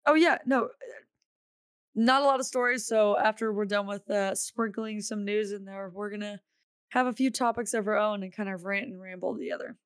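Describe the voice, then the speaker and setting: A woman's voice: mid-range voice, steady tone, normal speed, clear, resonant tone, no room sound, clean studio sound. A woman co-hosting a casual gaming podcast, teasing her partner and giving blunt opinions. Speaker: podcast co-host.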